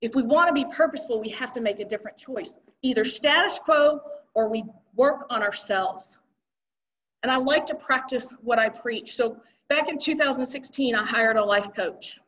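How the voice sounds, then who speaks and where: High-voiced woman giving a live talk. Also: normal speed, a bit bright, far from the mic. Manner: conversational, rhetorical questions, emphatic. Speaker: keynote speaker. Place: event hall with audience. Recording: dull lo-fi recording.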